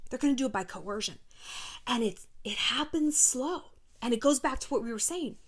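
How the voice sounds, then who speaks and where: Female host, casual advice to camera, sardonic and animated, bright lively pitch. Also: normal speed. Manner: animated, sardonic, swears freely. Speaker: video host.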